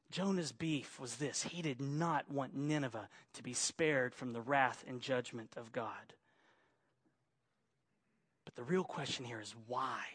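A man preaching a sermon, moving between quiet, measured passages and emphatic, rising declarations. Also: on the high side. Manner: dynamic, swings from quiet to emphatic. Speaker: pastor.

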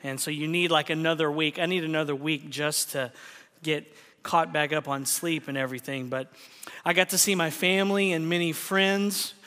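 Bright, high-voiced pastor in a reverberant hall. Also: male voice, steady tone, normal speed. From Oklahoma. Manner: folksy, joking storyteller. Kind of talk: sermon. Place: church sanctuary.

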